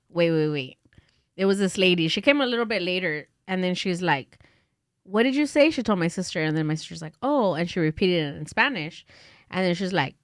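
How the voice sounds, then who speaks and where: A woman's voice: lowish voice, fairly bright tone, no room sound, studio quality. A woman telling a rambling story in casual podcast talk, with lots of fillers and laughter.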